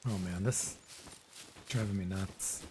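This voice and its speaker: A man with a low voice plays a video game on a live stream, chatting unhurriedly with viewers and rambling along, often drifting into quiet mutters. The background is noisy.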